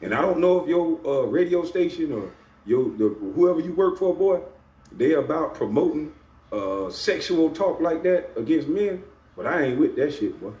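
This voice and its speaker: This middle-aged man, a vlogger, goes on a confrontational tirade at the camera, cursing, mocking, and laughing at his own barbs. The voice is on the high side and animated, at a moderate pace with a dark tone. Audio is dull and off-mic in an echoey room, with faint ambience.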